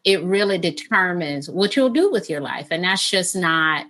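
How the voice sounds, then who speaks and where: A woman's voice: on the low side, expressive, moderate pace, a crowd in the background. A woman author speaking as an interview guest, candid and earnest, with emphatic phrasing.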